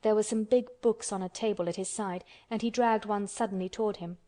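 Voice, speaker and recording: A woman with a mid-range voice narrates an audiobook, delivering the scripted text in a steady, measured reading.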